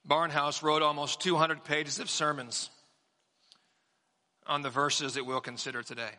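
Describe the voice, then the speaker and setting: A man in his forties preaching a sermon, his voice bright and slightly higher than most men's. He builds his points with measured, emphatic repetition. The sound carries a long reverb from the church sanctuary. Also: little pitch movement. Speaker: pastor.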